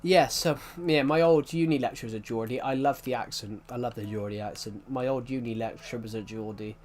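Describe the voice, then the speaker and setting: A young livestreamer with a mixed English-Welsh accent reads chat and talks casually with his viewers, rambling and starting sentences over. He speaks briskly in a medium-pitched, darkish voice.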